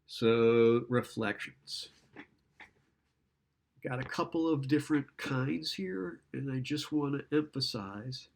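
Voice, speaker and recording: A man lecturing in a casual, conversational way, often checking in with "right?" and acting out client and therapist lines. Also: medium pitch. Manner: conversational, keeps asking "right?".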